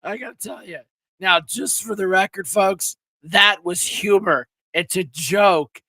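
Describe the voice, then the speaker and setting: A man's voice: sits high, unhurried, bright, forceful tone, no room sound. A man hosting a casual live-stream chat, rambling and laughing with many restarts, his throat a little sore. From Pennsylvania. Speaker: show host.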